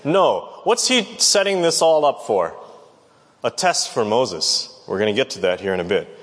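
A man's voice: medium pitch, sing-song, normal speed. A man preaching a Bible lesson, talking conversationally and asking the audience questions. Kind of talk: Bible teaching sermon. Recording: long reverb of a large hall.

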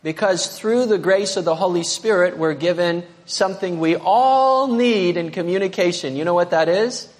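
A pastor delivering a sermon in a high, bright-toned voice. He preaches with animation, pushing up to emphatic peaks and then dropping low. His voice rings out with the long reverb of a large sanctuary.

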